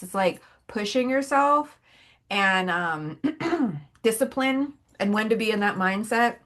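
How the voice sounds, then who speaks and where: A woman's voice: mid-range voice, a bit bright. A woman co-hosting a podcast with a sore throat, telling a candid, profane story in casual chat. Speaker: podcast co-host.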